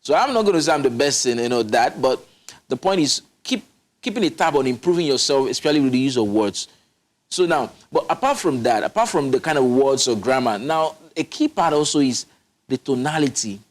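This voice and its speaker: Man, interview guest, emphatic teaching tone, restarts sentences, mid pitch. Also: expressive, fairly quick. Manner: instructive, emphatic, with frequent restarts. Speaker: public speaking coach, guest. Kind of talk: studio interview, explaining.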